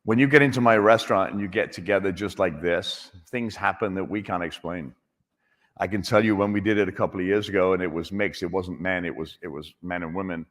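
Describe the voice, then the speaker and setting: A man working as a chef, joking with and encouraging audience members in a casual, animated way. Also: deep voice, brisk. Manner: jokey and encouraging, with restarts. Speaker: chef answering audience questions. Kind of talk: casual, animated conversational talk. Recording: echoey hall.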